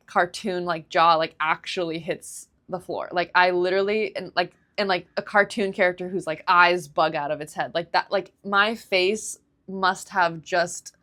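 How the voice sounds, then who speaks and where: A woman hosting a solo podcast, telling a confessional story in an animated way, acting out her own reactions and filling her speech with "like.". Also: lowish voice, normal speed, hardly any pauses. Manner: heavy use of "like" fillers. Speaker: podcast host.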